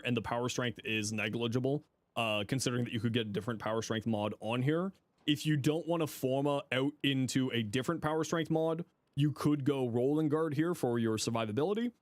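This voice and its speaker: In studio-quality audio with no room sound, a man with a mid-range voice casually comments on a livestream, reviewing viewers' game builds. He thinks aloud, uses plenty of fillers, and gives friendly advice.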